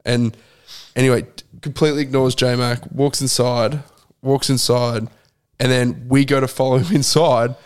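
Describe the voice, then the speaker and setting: A man's voice: mid-range voice, fairly even intonation, moderate pace, clean tone. A man co-hosting a podcast, telling a rambling story in casual chat, heavy with fillers and swearing. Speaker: podcast co-host.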